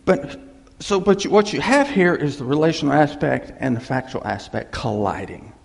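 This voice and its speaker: A man preaching a sermon, telling a story in an animated way and repeating key phrases. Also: a little high, normal speed, vocal fry, big-room sound.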